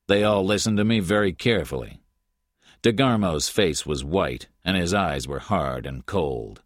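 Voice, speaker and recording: Deep voiced guy reading an audiobook, lively intonation, super dry close sound. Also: no room sound. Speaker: narrator. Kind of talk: audiobook narration.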